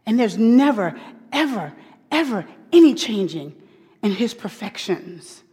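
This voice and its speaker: A woman delivers a sermon with emphatic repetition, dropping from loud, pointed questions to near-whispered asides. Her voice is a little husky. A long reverb from a large hall trails each phrase. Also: medium pitch, sing-song, measured pace. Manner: emphatic, repeats key phrases, swings from loud to hushed. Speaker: women's Bible teacher.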